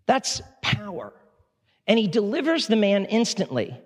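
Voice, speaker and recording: A man preaching a sermon in a church, impassioned but conversational, with quick asides to the congregation. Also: high-pitched, big pitch swings. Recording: long hall reverb.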